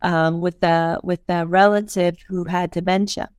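A woman's voice: on the low side, flat delivery, moderate pace, darkish tone, smooth, no echo, studio quality. A woman hosting a podcast interview, talking in an earnest, thoughtful way and often quoting what people say. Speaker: podcast host. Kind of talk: casual interview chat.

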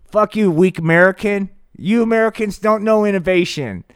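A man's voice: sits high, moderate pace, clean tone, no echo, clean studio sound, voice pushed up, close to an everyday voice. A man voicing an angry male dictator villain in a puppet show, threatening and mocking with profanity.

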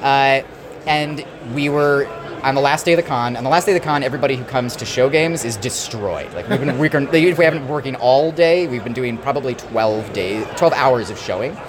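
A man's voice: medium pitch, fairly quick. A man showing his game at a convention, short on sleep and losing his voice, telling a rambling story full of fillers. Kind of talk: convention floor interview. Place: busy convention hall. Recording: loud crowd chatter behind.

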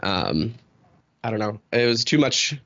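A man's voice: mid-range voice, very animated, unhurried, fairly bright tone, no echo. 30s guy hosting a podcast, rambly and open, swears a lot, dry kinda dull audio. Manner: rambling, candid, swears freely, many fillers. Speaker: podcast host. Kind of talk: casual chat.

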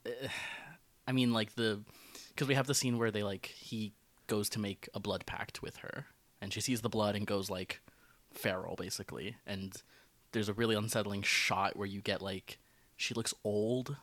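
A man co-hosting a film discussion podcast, his voice sitting a little low and recorded very dry and close. He rambles through his thoughts with lots of fillers and false starts. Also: steady tone, normal speed, a bit bright, no echo. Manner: rambling, many fillers and restarts. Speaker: podcast co-host.

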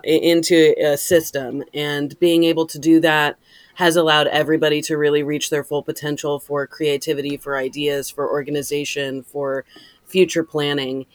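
A woman's voice: low voice, little pitch movement, moderate pace, no room sound. A woman talking in a casual interview about running a theater, rambling and laughing often. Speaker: deputy director.

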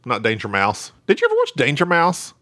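A man's voice: a little high, wildly swooping pitch, fairly quick, sharp tone, dry recording, clean studio sound. A man with a Southern US accent co-hosting a casual chat, rambling and laughing often. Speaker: podcast co-host.

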